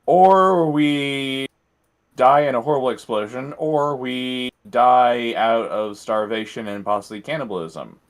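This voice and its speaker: A man's voice: medium pitch, unhurried. A man playing in a tabletop game, weighing the options in a grim, dramatic way. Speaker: player. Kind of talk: in-character tabletop talk.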